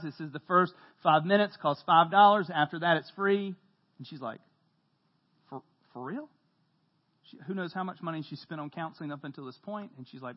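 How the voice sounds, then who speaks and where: A man preaching a sermon to a congregation as pastor, telling stories with humor and lively emphasis. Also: sits high, muffled recording. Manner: animated storytelling, jokes with the congregation, shouts when quoting. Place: church hall.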